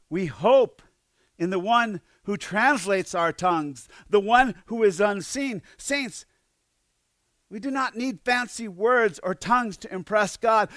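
High-voiced man preaching a dry sermon. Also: a bit bright, no echo. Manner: earnest preaching with repeated words and dramatic swings in volume. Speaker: pastor.

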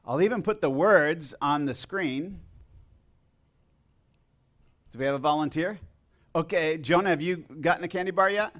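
Chatty pastor, man with raised pitch. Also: fairly bright tone. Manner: chatty, joking, halting restarts. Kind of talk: casual sermon with congregation. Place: church sanctuary.

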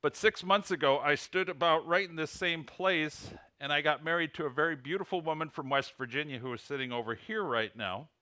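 A man's voice: on the high side, a little fast, few pauses, bright, forceful tone, dry recording, clean studio sound. A man with an Illinois accent, a ministry coach giving a sermon in a church and earnestly reading out lists and figures. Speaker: ministry coach, guest preacher. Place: church sanctuary.

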